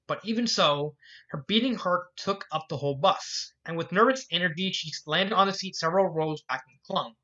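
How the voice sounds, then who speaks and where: A reader narrating a fan fiction story aloud in a measured, earnest way. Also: mid-range voice, bright, forceful tone. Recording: dull lo-fi recording.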